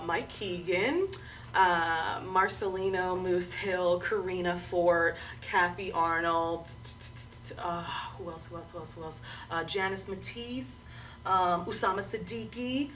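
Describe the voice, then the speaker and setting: A woman's voice: fairly low pitch, slight background noise. A woman comedian chatting casually on a talk show, bubbly and laughing often. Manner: bubbly, laughs a lot, lively storytelling. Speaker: comedian guest. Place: small talk-show studio. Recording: voice picked up from a distance in a live-streamed studio.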